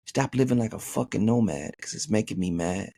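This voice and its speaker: A man's voice: lowish voice, a little fast, dark tone, no room sound, studio quality. A man hosting a podcast, reading a listener's email aloud and riffing on it in a joking, profane way, saying "man" constantly. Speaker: podcast host.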